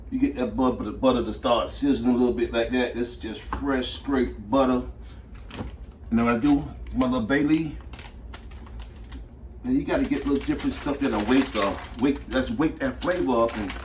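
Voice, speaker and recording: A man chats loosely through a home cooking session, circling back over his words as he goes. He sits at a middling pitch and is picked up from a distance, with frying food sizzling loudly behind him. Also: roomy sound, a little hiss or hum. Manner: chatty and relaxed, repeats himself often. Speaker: home cook and channel host. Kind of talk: casual cooking demonstration. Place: home kitchen at the stove. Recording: distant mic with loud sizzling from the pan.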